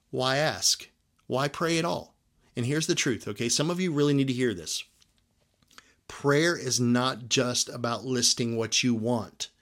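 A male pastor delivering a sermon in a relaxed, conversational way. His pitch sits in an ordinary middle range for a man. He keeps checking in with the congregation with short "right?" asides. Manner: conversational preaching with frequent "right?" check-ins.

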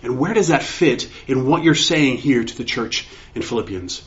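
A man preaching a sermon in an excitable way, often restarting and repeating words as he works through a passage. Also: medium pitch, normal speed. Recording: dull lo-fi recording.

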